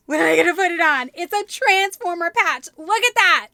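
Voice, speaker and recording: A gushing, excitable woman in her thirties films herself at home and often gasps as she talks. Her voice sits high and leaps up and down, with a bright, sharp edge. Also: moderate pace, dry recording. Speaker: vlogger. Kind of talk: unboxing chat to camera. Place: home room.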